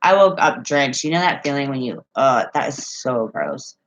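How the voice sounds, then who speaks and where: A woman's voice: extremely low pitch, expressive, moderate pace, few pauses, poor audio. A woman chatting casually on a live stream from home, reading viewer comments and telling rambling stories with frequent laughs.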